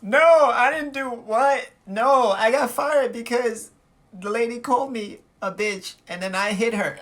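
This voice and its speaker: A man's voice: a little high, normal speed, a bit bright, natural voice. A man voicing his young girlfriend as she makes flustered, pleading excuses in a storytime video. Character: lying young girlfriend, defensive. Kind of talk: storytime impression.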